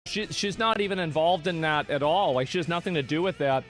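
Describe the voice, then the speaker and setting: A man with a slightly raised pitch, commenting in a dismissive, offhand way and tripping over his own restarts. Faint music plays under his clip. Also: a little fast, a bit bright. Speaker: streamer in a played clip. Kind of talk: casual stream commentary.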